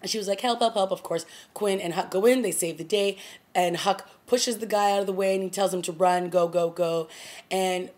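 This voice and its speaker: A woman's voice: on the low side, steady tone, moderate pace, a little mellow. A woman talking casually to camera as a TV review vlogger, retelling scenes with quoted lines and small laughs. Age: adult. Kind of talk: casual chat.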